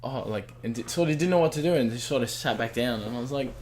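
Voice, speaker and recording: A man's voice: medium pitch, fast talker, a little mellow, slight background noise. A man in his twenties with an Australian accent, chatting in a dry, laid-back way and laughing easily on a podcast. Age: 20s. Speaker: podcast co-host. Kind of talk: casual chat.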